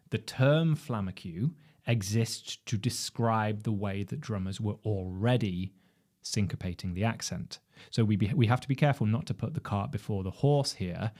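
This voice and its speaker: Lower-voiced man explaining drum rudiments. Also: a little mellow. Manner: measured, explanatory, with rhetorical questions. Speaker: drum instructor. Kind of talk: instructional lecture.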